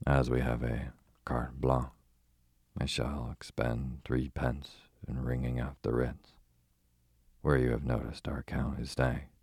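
A man's voice: extremely low pitch, level tone, a little mellow, slightly rough, dry recording, studio quality, exaggerated voice. Man doing a placid, fussy old detective. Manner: placid, deliberate, foreign turns of phrase. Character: fussy, precise older male detective.

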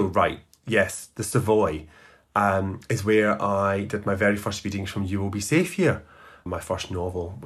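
A man's voice: deep voice, slightly rough. A man, founder and host of a literary podcast, fondly looking back in a chatty, nostalgic monologue full of asides. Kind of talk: reflective farewell monologue.

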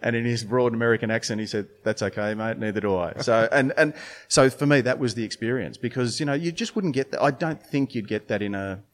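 A man's voice: medium pitch, fast, hardly any pauses. A man, a brewer and beer judge, chatting casually on a podcast with many restarts and fillers.

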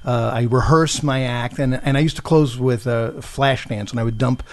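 Animated man telling stories. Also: medium pitch, moderate pace. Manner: animated, acts out voices in anecdotes. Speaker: guest comedian. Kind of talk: casual storytelling.

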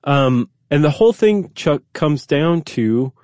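A man's voice: on the high side, lively intonation, takes it slowly, a little mellow, no echo, clean studio sound. A man hosting a podcast, explaining facts in casual chat with fillers and restarts. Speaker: podcast host.

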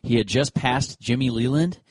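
A man's voice: mid-range voice, moderate pace, breathy edge, no room sound. A man co-hosting a sports podcast in casual chat, telling stories and acting out what players and umpires said. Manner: animated storyteller who acts out quotes. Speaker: podcast co-host.

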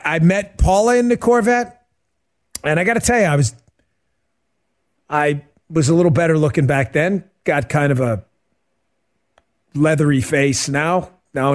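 A middle-aged man hosting a radio talk show, chatting casually and answering listener questions as an animated, joking storyteller. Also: fairly high pitch. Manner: animated, joking storyteller who acts out quotes.

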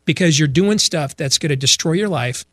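A middle-aged man delivering opinionated religious commentary, blunt and emphatic, who often restarts and repeats himself. His voice sits a bit high for a man. The sound is dry and close. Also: normal speed, fairly bright tone, no room sound. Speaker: speaker addressing an audience.

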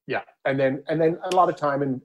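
A man's voice: a little high, brisk. A man with a Newfoundland accent, a guest in a casual chat, teasing and dry.

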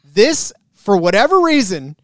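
High, smooth-voiced man bantering about racing bets. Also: big pitch swings, a little slow, no echo, studio quality. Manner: rambling, self-correcting, jokey. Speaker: podcast co-host. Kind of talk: casual sports betting chat.

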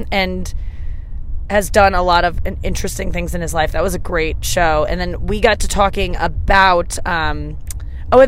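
A woman's voice: mid-range voice, slight background noise. A woman hosting a podcast, telling candid, rambling stories with many restarts. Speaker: podcast host. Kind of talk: casual chat.

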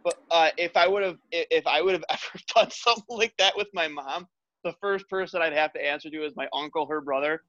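A man hosting a laid-back podcast, reacting keenly and laughing often. His voice is a little high and bright. The recording is close and dry but a bit dull, as if on a slightly muffled mic. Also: a little fast, no room sound. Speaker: podcast host. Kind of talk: casual chat.

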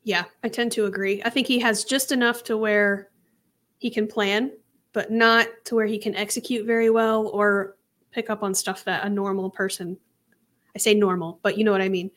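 A woman's voice: medium pitch, little pitch movement, moderate pace, a bit bright. A woman co-hosting a true crime podcast, recounting case details casually with some hesitations. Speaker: podcast co-host.

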